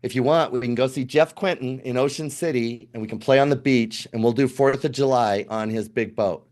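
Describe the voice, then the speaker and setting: Fifty-something guy spinning a road trip story, animated, does all the voices. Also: medium pitch, brisk. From United States. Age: 50s. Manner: animated storyteller acting out quoted dialogue. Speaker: podcast guest. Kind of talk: casual storytelling.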